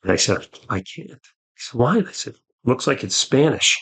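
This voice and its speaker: A man, a podcast guest earnestly telling a personal story, with halting restarts. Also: medium pitch, lively intonation, creaky, a bit bright, slightly rough.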